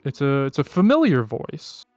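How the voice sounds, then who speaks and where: A man narrating a tabletop game as game master, halting with many fillers. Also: mid-range voice, wildly swooping pitch, darkish tone, no echo, muffled recording. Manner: halting, full of "um" and "like".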